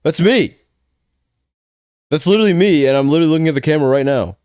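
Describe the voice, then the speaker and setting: A young man hosting a reaction video, joking around and thinking out loud in casual slang. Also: fairly high pitch, very fast, clean tone, no echo, studio quality.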